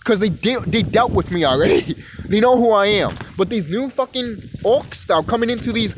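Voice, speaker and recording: Young man, high-pitched, profane rambling rant, slight background noise. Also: animated, a little fast. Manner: rambling, profane, repeats words while ranting. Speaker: vlogger.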